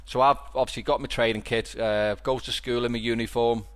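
Middle-aged Liverpool man, podcast host, relaxed rambling storyteller, mid-pitched voice. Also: fairly quick, smooth. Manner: rambling storyteller with many restarts. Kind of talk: casual chat.

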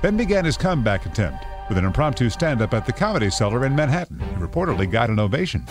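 A man in his fifties reading the radio morning news as anchor, brisk and a little wry. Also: medium pitch, big pitch swings, over music. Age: 50s.

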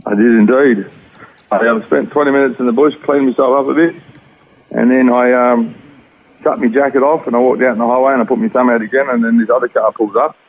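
A man with an Australian accent telling his personal story in rough, slangy speech as an interview guest. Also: medium pitch, steady tone, brisk, phone-quality sound, a little hiss or hum. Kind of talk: personal testimony.

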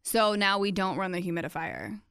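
A woman's voice: medium pitch, animated, fairly quick, fairly bright tone, clean tone, no room sound. A young woman co-hosts a casual chat, her voice congested and a little short of breath. She talks in a chatty, self-deprecating way and laughs easily. The sound is dry and close, with no room around it. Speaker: podcast co-host.

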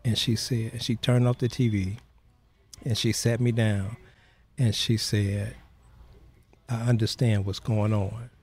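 A man with a low, mellow voice recounts his life as a podcast guest. He speaks earnestly and plainly, dropping into the voices of the people in his story. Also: flat delivery, unhurried, long pauses, husky. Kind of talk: storytelling interview.

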